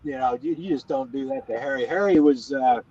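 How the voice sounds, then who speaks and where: A man's voice: mid-range voice, a little fast, warm tone, slightly rough. A middle-aged man from West Virginia, a former ballplayer guesting on a chat show, telling stories in a rambling, folksy way full of restarts. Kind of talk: casual interview chat. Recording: dull, dry lo-fi audio.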